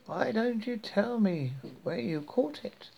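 Male reader as a mocking, money-hungry neighbour, gravelly, unhurried. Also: high voice, lively intonation, dull audio, pitched above the performer's own voice, heavily acted. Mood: scornful. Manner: dismissive, mocking. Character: greedy, scornful middle-aged man neighbour.

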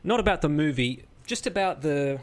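A man's voice: fairly high pitch, animated, normal speed. Blunt, opinionated man co-hosting a chat. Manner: opinionated, blunt, swears casually. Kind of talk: casual chat.

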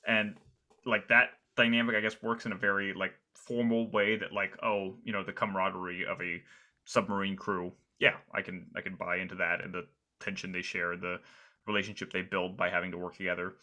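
A man with a low-leaning, bright voice chats loosely about movies on a podcast. He circles his points with fillers and restarts. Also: little pitch movement, fairly quick. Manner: rambling, many fillers and restarts. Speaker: podcast co-host. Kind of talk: casual film discussion.

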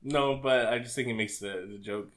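A man's voice: mid-range voice, moderate pace. A man co-hosting a podcast in casual chat, rambling with crude, jokey banter. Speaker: podcast co-host.

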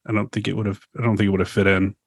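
A man's voice: on the low side, level tone, rapid-fire, vocal fry, slightly rough, dry recording. A man in his forties co-hosting a casual podcast chat, telling stories animatedly, swearing freely and acting out quotes. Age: 40s. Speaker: podcast co-host.

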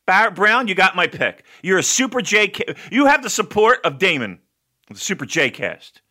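A man's voice: high voice, big pitch swings, normal speed, bright, forceful tone. A man hosting a casual podcast chat, loose and joking, who swears freely and laughs often. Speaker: podcast host.

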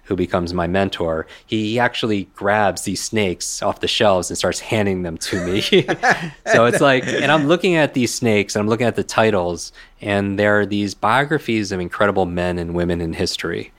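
A man in his forties, a guest memory coach, telling a personal story in a conversation, animated and quick to act out what others said. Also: lowish voice. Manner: animated, acts out quoted dialogue, frequent "right?".

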